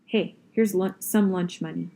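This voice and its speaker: Woman doing a soft-spoken loving father. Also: fairly low pitch, steady tone, measured pace, gravelly, slight background noise. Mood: encouraging. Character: loving, worn-out father of a teenage boy.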